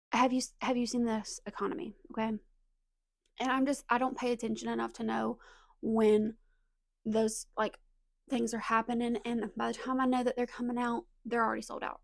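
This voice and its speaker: A woman's voice: fairly high pitch, creaky, no room sound, clean studio sound. A young woman with a slight Southern US accent, chatting nervously and rambling about books in a casual video, full of self-aware asides. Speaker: booktuber. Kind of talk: casual chat.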